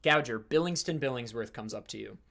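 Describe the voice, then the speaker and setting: A man's voice: medium pitch, a little fast, vocal fry, sharp tone. A man narrating a tabletop game as dungeon master, rambling with many fillers and self-corrections.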